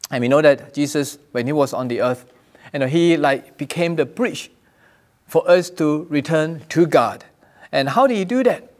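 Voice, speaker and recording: A man preaching a sermon as pastor, earnest, repeating and restarting phrases, raising his voice for quoted cries. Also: a little high. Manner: raises voice when quoting cries from scripture.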